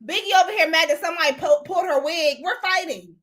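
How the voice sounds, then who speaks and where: High, bright-voiced woman gossiping bluntly. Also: fast. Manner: greets and answers viewers as she talks. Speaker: host. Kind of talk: casual live-stream chat.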